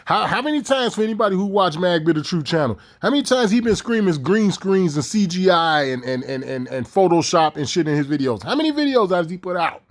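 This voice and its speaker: A man's voice: high voice, very animated. A man ranting in a heated, profane, repetitive way. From Chicago. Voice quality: fast, heated, repetitive delivery. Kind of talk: profane conspiracy rant.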